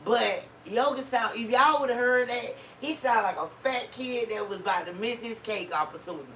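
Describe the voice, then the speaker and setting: A woman's voice: a little high, moderate pace, fairly bright tone, slight background noise. A middle-aged woman chatting casually with her husband on camera, telling playful stories and laughing often. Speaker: vlog co-host. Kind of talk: casual chat. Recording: echoey room, mic at a distance.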